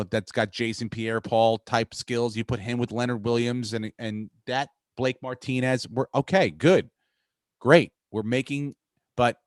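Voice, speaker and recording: A man hosting a podcast, talking sports in a profane, rambling, excitable way. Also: mid-range voice, no room sound. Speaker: podcast host. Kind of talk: casual sports chat.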